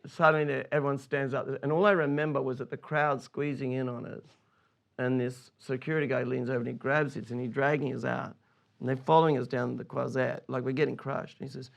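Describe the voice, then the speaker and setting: A man and film director, a guest in an interview, telling anecdotes on stage in a lively, animated way with frequent laughs. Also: medium pitch, a little fast, gravelly. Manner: lively, laughing, full of restarts.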